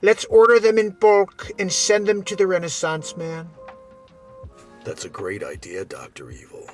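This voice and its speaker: A man's voice: high voice, expressive, unhurried, faint music behind. Man doing a smug movie supervillain. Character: scheming pompous male movie supervillain. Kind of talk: comedy impression.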